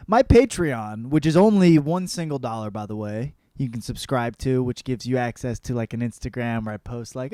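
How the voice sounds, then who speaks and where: A man hosting his own comedy podcast, talking in a profane, rambling monologue that swings between mumbled asides and loud rants. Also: mid-range voice, expressive, normal speed, hardly any pauses, clean tone, no echo, studio quality.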